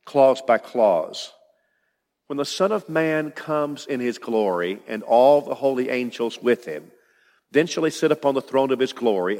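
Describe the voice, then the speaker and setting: Emphatic male preacher in a reverberant hall. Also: medium pitch. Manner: emphatic, building to rising declarations. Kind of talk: expository sermon.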